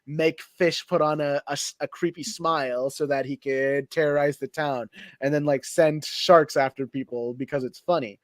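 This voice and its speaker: Man, podcast co-host, casual rambling chat, laughs a lot, higher voice, dry close sound. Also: dry recording. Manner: rambling, laughs often, acts out quotes.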